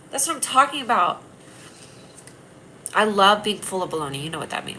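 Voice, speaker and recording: A woman's voice: mid-range voice, big pitch swings, a little fast, long pauses, pushed and bright, slight background noise, low-quality recording. A woman hosting a casual livestream, rambling and teasing her viewers, with a stuffy nasal voice. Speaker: livestream host.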